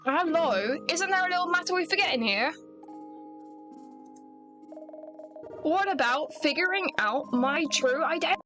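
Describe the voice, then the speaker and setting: A woman's voice: high voice, animated, fairly quick, music in the background. A woman doing a huffy, sarcastic talking dog. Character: indignant talking male dog, touchy and sarcastic.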